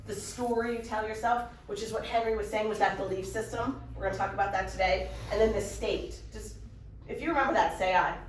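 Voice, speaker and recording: A middle-aged woman, a mindset coach, telling a story in a lively, fast way to a live workshop audience. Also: mid-range voice, slight background noise. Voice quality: animated, fast storytelling with laughs. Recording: echoey room, voice from far off.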